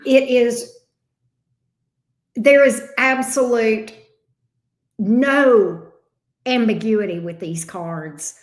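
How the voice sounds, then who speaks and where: Woman tarot reader, unhurried live-stream host, roomy echo. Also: mid-range voice. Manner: chatty, repeats questions while shuffling.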